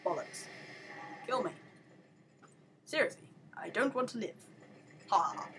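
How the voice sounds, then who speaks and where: A woman's voice: mid-range voice, animated, slow, a bit bright, a little hiss or hum. A woman doing let's play commentary, sarcastic and exasperated, egging on her game character. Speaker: gaming channel host.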